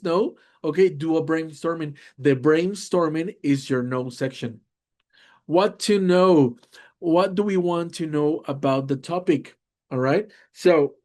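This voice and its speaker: A man's voice: on the high side, a little mellow. A man with a Latin American Spanish accent presenting a webinar to teachers, often checking in with "all right?" and many fillers. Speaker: teacher trainer.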